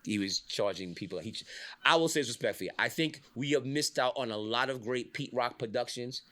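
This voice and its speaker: A middle-aged man telling a casual industry story, swearing, laughing often and acting out the people he quotes. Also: brisk. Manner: animated, swearing, acts out quotes with big pitch jumps, laughs often. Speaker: podcast host telling industry stories.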